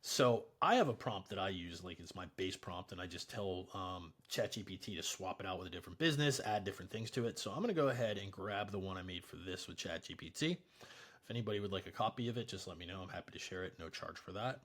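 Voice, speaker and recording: A man with a low, slightly husky voice hosts a casual screen-recorded software tutorial, talking fast. He's relaxed and chatty, walking through each step with easy filler words.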